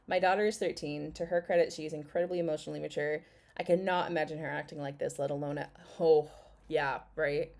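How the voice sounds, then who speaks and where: A woman's voice: deep voice, moderate pace, darkish tone. A woman in her thirties chatting casually while reacting to a video, blunt and sarcastic, swearing and laughing often. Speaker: commentary vlogger.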